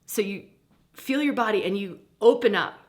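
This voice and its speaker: Middle-aged woman, spiritual teacher, animated and breezy, average pitch. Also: moderate pace. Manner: animated, breezy, laughs often, acts out inner voices.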